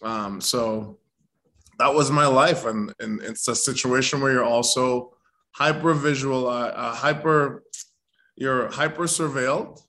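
A man, an actor, telling a story in a casual interview, animated and acting out the voices of the people in it. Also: medium pitch, measured pace. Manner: animated, acts out quoted voices.

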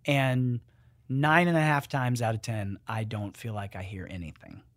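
A man, a guest author and musician, talking in an animated, joking yet earnest way in a casual conversation. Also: medium pitch, normal speed, no room sound, studio quality.

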